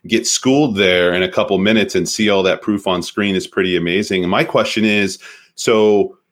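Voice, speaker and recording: A man with a deep voice, a guest in a casual online interview, relaxed and friendly, a bit hesitant. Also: moderate pace.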